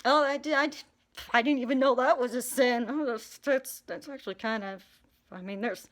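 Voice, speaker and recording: Woman voicing a naughty, uncaring ancient male god; low, muttered, swearing asides. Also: moderate pace, natural voice. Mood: offhand.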